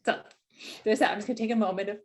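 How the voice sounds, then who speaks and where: A woman game producer chatting on a virtual panel, animated and full of restarts, heard over a video call. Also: mid-range voice, rapid-fire. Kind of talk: casual panel chat.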